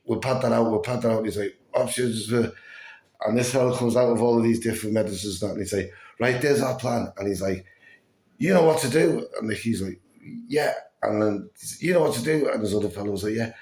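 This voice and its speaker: A man speaks fairly quickly in a steady, fairly low, darkish voice, his words echoing around the room. Telling a story for a casual vlog, he's breathless and fatigued, swears a lot, and mimics what people said.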